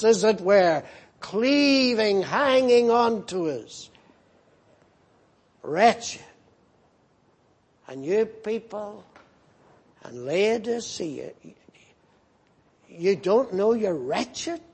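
A man's voice: sits high, slightly rough. A man pastor preaching an earnest, rebuking sermon with emphatic repetition.

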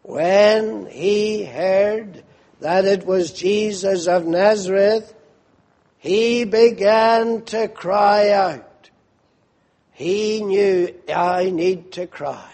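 A man's voice: high-pitched, extremely slow, darkish tone. A male preacher delivering a sermon, retelling a scene vividly and asking listeners to picture it.

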